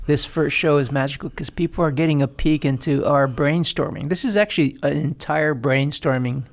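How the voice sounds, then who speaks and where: A man co-hosting a casual sports podcast, animated and laughing, swearing freely and stumbling through restarts. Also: fairly high pitch, moderate pace. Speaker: podcast co-host.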